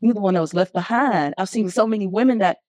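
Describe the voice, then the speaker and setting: A middle-aged woman, a guest singer, talking candidly and telling her story with animated, emphatic bursts. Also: medium pitch, quick pace, dry recording. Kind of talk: candid conversation.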